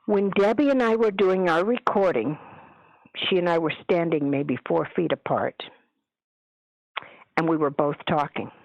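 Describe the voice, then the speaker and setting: A woman's voice: fairly low pitch, a little slow, pauses often, dry recording. Chatty woman guest, dull lo-fi audio. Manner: chatty, animated, acts out quoted people. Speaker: guest, paranormal author. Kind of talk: storytelling in a radio interview.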